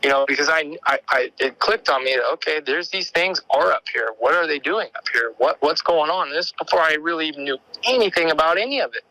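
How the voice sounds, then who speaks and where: A man's voice: on the high side, brisk, hardly any pauses, sharp tone, no echo, poor audio. A man calling in to tell an encounter story, rambling and repeating words as he acts out what people said. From Oregon. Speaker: caller sharing an encounter story. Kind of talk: animated storytelling.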